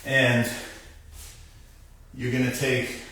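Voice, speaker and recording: In a very echoey room, a young physical therapist leads a casual live-stream demo of core moves, speaking straight to viewers. His mid-range voice is monotone, sharp and extremely slow, caught by a distant mic that sometimes loses him.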